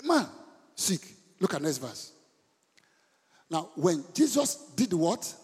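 A middle-aged Nigerian pastor preaching a sermon in a church, moving sharply between quiet asides and loud bursts and repeating words for emphasis. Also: male voice, on the high side, very animated, slow, breathy edge. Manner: dramatic swings between soft asides and loud outbursts; code-switches mid-sentence, repeats words for emphasis. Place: church hall. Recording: long hall reverb.

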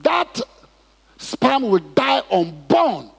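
A man's voice: very high-pitched, big pitch swings, extremely slow, vocal fry, fairly bright tone, breathy edge. A man preaching a sermon in church, asking the congregation questions and drawing responses. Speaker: pastor. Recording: reverberant hall.

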